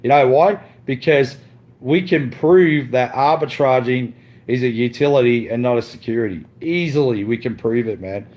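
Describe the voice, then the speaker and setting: A man's voice: medium pitch, normal speed, darkish tone. A man ranting on his live stream, boastful and profane, repeating himself and saying "mate" a lot, with frequent stumbling restarts.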